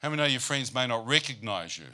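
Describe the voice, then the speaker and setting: A man preaching a storytelling sermon, his voice bright and forceful. He keeps throwing rhetorical questions at the congregation and slips dry jokes into his testimony. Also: mid-range voice, expressive, quick pace. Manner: humorous, asks the crowd rhetorical "how many know" questions.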